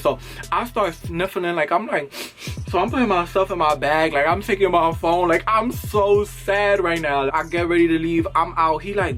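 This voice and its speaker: A young man vlogging a casual storytime, animated and swearing, acting out both sides of an argument. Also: high voice, moderate pace, faint music behind.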